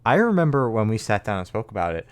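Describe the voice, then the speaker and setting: A man's voice: on the low side, big pitch swings, fast, no room sound. A man co-hosting a music podcast, chatting casually in a rambling way and swearing freely. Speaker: podcast co-host. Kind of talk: casual chat.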